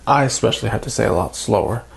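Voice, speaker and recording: A man casually narrating a toy unboxing and build, calmly explaining each step. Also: lowish voice, racing, creaky. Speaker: toy reviewer.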